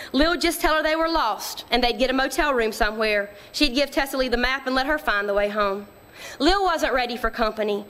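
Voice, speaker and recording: A woman narrating literary fiction in a measured, quiet storytelling manner. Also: high voice. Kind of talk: audiobook reading of literary fiction.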